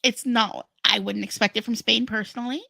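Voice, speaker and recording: A woman co-hosting a casual livestream, joking wryly and filling pauses with "um" and "like". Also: on the high side, fairly even intonation, vocal fry, bright, forceful tone. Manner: wry, joking, many "um" and "like". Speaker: co-host of a livestream. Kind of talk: casual chat.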